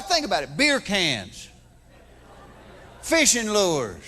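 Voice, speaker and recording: High-voiced Southern man doing stand-up. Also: lively intonation, brisk, a bit bright, big-room sound. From Georgia, US. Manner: folksy storytelling with voices. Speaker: stand-up comedian. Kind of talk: stand-up comedy routine. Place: large theater stage before an audience.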